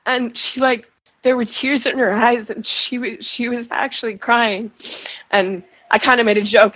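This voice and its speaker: A shaken woman giving an emotional first-person account as a guest, halting and restarting, with nervous laughs. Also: on the high side, fairly even intonation, fairly bright tone, no room sound, rough recording. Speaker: guest recounting events.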